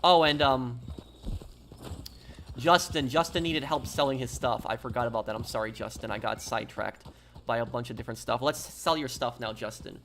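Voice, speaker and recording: A man's voice: medium pitch, normal speed, a bit bright, a little hiss or hum. A man streaming a game, chatting casually, reading chat aloud and rambling with many fillers.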